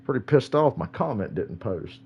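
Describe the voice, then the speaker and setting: Loud, foul-mouthed man reacting to football. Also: medium pitch, moderate pace, vocal fry, dull audio, slight background noise. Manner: loud, profane and animated, yells at the plays. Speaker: streamer watching a football game live. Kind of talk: casual live reaction.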